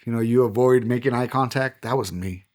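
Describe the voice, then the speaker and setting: A middle-aged man speaks with earnest emotion as he recounts his life in a conversational testimony. His voice sits at an ordinary middle pitch and sinks quieter on the heaviest moments. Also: brisk. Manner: earnest, emotional storytelling, drops to a hush on painful moments. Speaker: pastor and podcast guest.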